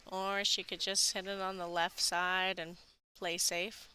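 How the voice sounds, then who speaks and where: A woman's voice: lowish voice, little pitch movement, a little slow, bright, forceful tone, a little hiss or hum. A woman commentating a pool match in a chatty, upbeat way, laughing often. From not from the US South. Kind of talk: casual sports commentary.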